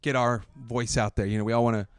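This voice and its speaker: Mid-pitched male comic, clear voice, long thoughtful podcast musings, dry sound. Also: steady tone, fast, no echo. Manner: thoughtful, long winding sentences with fillers. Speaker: comedian. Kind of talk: casual podcast chat.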